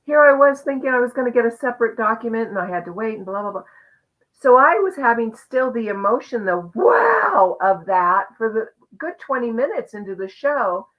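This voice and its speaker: A woman's voice: fairly high pitch, moderate pace. Earnest woman host sharing her story. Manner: earnest, reflective, expressive storytelling. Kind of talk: heartfelt personal sharing. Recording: muffled lo-fi audio.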